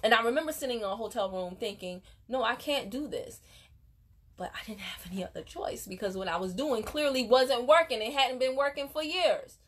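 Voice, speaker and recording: A woman network marketing coach unboxes on a casual vlog, recorded on her phone in a room at home, while giving an emphatic, preachy motivational talk that addresses viewers as "y'all." Her voice is on the high side, expressive and fairly bright, and she speaks briskly with few pauses.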